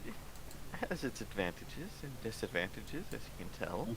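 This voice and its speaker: A man running a tabletop game as game master, narrating and speaking for the ship's captain in a lively way. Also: lowish voice, moderate pace, creaky, background noise. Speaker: dungeon master.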